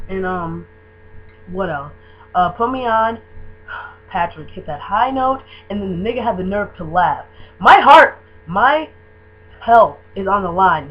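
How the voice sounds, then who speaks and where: A young woman from Michigan gushing about a band she loves in a casual video, with lots of "um" and "like" and excited rambling. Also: medium pitch. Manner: gushing, excitable, filler-heavy fan talk. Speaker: vlogger. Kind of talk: casual fan tag video. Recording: dull lo-fi webcam audio with faint hum.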